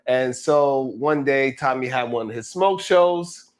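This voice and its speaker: A man hosting a comedic show, recapping online drama in an animated, laughing storytelling way. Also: mid-range voice, takes it slowly. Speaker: host.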